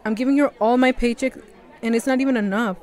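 A woman's voice: on the high side, steady tone, fast talker, darkish tone, a faint crowd, close to an everyday voice. A young woman voicing an earnest, worried seventeen-year-old girl who also narrates. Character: seventeen-year-old Mexican-American girl, responsible and stressed. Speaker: narrator and lead.

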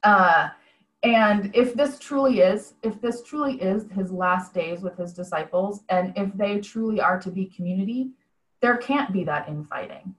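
A woman's voice: medium pitch, measured pace, echoey room, low-quality recording. A woman preaching a conversational sermon over a video call, retelling a story in a plain-spoken, reflective way.

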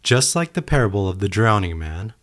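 A man hosting a reflective solo podcast tells a parable with earnest storytelling. His voice is lowish and a bit bright, and he speaks briskly and very animatedly.

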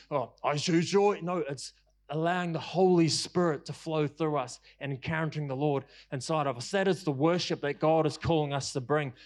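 A man preaching a passionate sermon, repeating his lines for emphasis and using casual fillers. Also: on the high side. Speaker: pastor.

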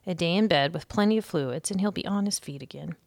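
An anxious, caring mother fusses over her sick son in a storybook, as a woman reads her lines. The voice is low and slightly gravelly. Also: quick pace, darkish tone, dry recording, lightly acted.

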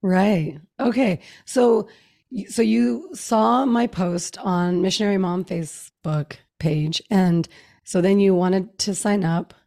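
A woman hosting a podcast, asking questions in a relaxed way with hesitant fillers. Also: medium pitch, slow pace, vocal fry. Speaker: podcast host. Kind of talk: casual interview.

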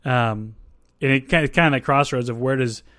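A man hosts a podcast in an easygoing, conversational way, drifting into asides and restarting his thoughts. His voice sits at a middle pitch. The recording is dry and close. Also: normal speed, a bit bright, no echo. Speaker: podcast host. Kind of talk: casual podcast discussion.

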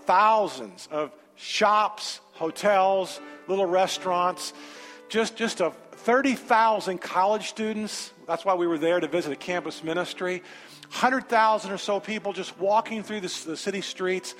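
A man with a high voice preaches in a large sanctuary, telling a story with animated, emphatic energy. The long reverb of the hall hangs on each phrase, and soft music plays faintly behind him. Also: moderate pace. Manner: animated storytelling, rising to emphatic altar call. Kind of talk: sermon with a personal story.

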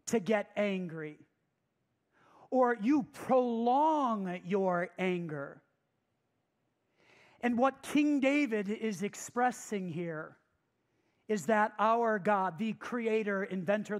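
Slow, emphatic pastor teaching a sermon. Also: mid-range voice. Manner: emphatic, repeats key phrases and asks the listeners questions.

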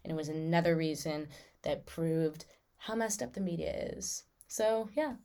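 A young woman hosting her own podcast, chatting casually and animatedly about her weekends, with lots of "like" and quick asides. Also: deep voice, mellow. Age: young adult. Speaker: podcast host. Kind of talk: casual solo podcast chat.

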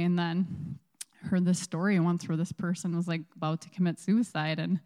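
A woman's voice: lowish voice, fairly even intonation, moderate pace, dark tone. Chatty woman testifying in a reverberant hall. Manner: casual, chatty, many fillers, acts out reactions. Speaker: guest speaker. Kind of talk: faith testimony talk.

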